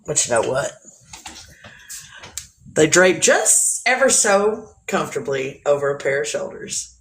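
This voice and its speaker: A woman hosting a casual live stream, joking crudely, greeting viewers and talking in a playful, drawn-out way. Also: sits low, sing-song, background noise. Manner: bawdy, joking, often laughing. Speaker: livestream host.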